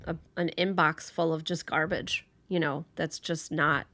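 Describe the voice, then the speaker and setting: A woman with a fairly low voice chats casually as a podcast guest. She laughs often and restarts her sentences mid-thought. The sound is close and dry. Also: steady tone, unhurried, fairly bright tone, no echo. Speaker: podcast guest, patient advocate. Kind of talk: casual conversation.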